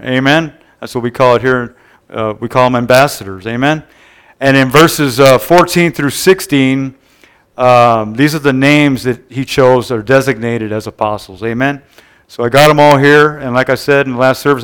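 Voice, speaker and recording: A man preaching a sermon to a congregation in a relaxed, conversational way, often checking in with the room. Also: mid-range voice, clean tone. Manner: conversational, keeps asking the room "Amen?". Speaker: pastor. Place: church service before a congregation.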